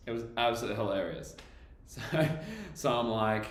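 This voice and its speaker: A man's voice: fairly low pitch, a little fast. A young man chatting casually on a live stream, laughing often as he reads out viewer comments. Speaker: livestreaming bass trombonist. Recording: echoey room with faint background noise.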